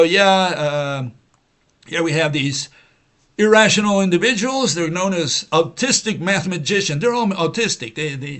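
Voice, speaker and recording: A man with a somewhat high voice hosts a livestream and lectures in a long, rambling monologue. He argues and repeats himself, filling gaps with "uh" and "you know," and he mocks the people he disagrees with by mimicking them. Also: a bit bright. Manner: argumentative, repetitive, with frequent "you know" and "uh" fillers; mocking, mimics opponents in quoted voices. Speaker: host of a science-skeptic livestream.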